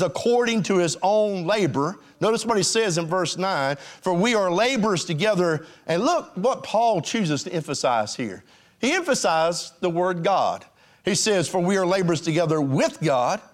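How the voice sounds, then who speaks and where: A male pastor preaching a sermon to his congregation in a folksy, direct way. His voice sits high and leaps about, rising to emphatic peaks and dropping to hushed lows. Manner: animated preaching, swinging between high emphatic lines and low hushed ones.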